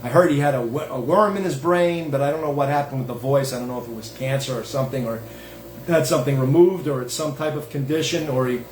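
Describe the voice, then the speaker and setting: A man's voice: mid-range voice, fast talker, reverberant, a little hiss or hum. A man hosting his own show, giving a digressive religious monologue in a folksy, self-interrupting way. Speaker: host.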